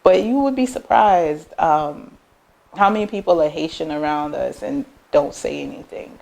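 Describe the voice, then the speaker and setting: A young American woman with a gravelly voice, a business owner, talks at normal speed in a casual interview. Her personal stories are lively and animated, and she mimics quoted people with big jumps in pitch.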